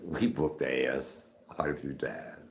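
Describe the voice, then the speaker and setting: A middle-aged man casually telling a story to his viewers, animated and laughing, jumping up high in pitch when he retells what he said. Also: unhurried, gravelly. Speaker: storytelling host of a live stream.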